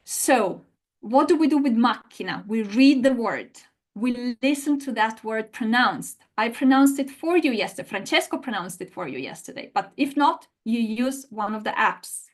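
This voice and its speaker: A woman with a fairly high voice leads an online language lesson. She explains in a lively, talkative way, often circling back to rephrase and repeat her points. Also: moderate pace. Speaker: language teacher.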